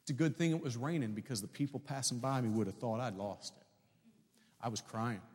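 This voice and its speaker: A man preaching a sermon as a story, acting out conversations and building to loud shouts. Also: mid-range voice, a little fast, breathy edge. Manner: animated, acts out dialogue, builds to shouts. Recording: long hall reverb.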